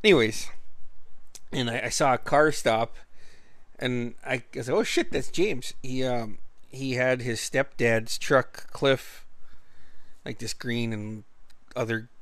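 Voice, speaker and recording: A man in the middle of a casual story, rambling along, laughing often and cursing freely. His voice sits at an ordinary middle pitch, close and dry, with no room sound around it. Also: fairly even intonation, slow, pauses often, fairly bright tone, dry recording.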